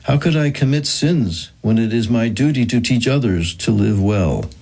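A man voicing a ninety-year-old chief, husky. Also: medium pitch, moderate pace, a little mellow. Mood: astounded.

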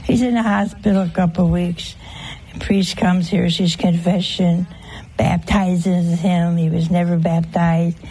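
A woman's voice: on the low side, flat delivery, unhurried, dark tone, breathy edge, low-quality recording. A woman giving a homely, conversational sermon, teasing her listeners with rhetorical questions. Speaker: religious teacher.

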